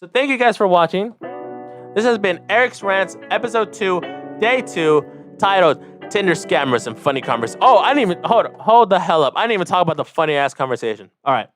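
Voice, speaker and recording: Brief: twenties guy from Mexico, quick rambling podcast rant, bright and fairly high voice. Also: faint music behind. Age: 20s. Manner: fast, rambling and animated, with frequent asides. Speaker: podcast host. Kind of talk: casual solo rant.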